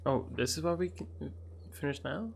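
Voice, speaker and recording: A man's voice: fairly high pitch, expressive, moderate pace, creaky, a little mellow, a little hiss or hum. A man streaming a game, chatting casually, laughing and reading game text aloud. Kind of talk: casual gameplay commentary.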